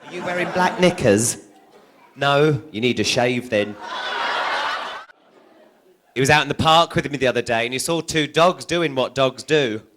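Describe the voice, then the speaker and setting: A man's voice: mid-range voice, moderate pace, long pauses, background noise. A man doing a crude, cheeky stand-up routine, telling jokes in a motherly stage persona. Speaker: stand-up comedian.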